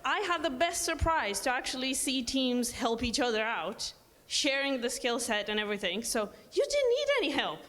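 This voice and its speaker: A woman's voice: high voice, sing-song, normal speed, fairly bright tone. A woman speaking on stage for a sponsor at an event, chatty, friendly and upbeat. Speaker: sponsor representative and mentor. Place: large indoor event hall. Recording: reverberant hall.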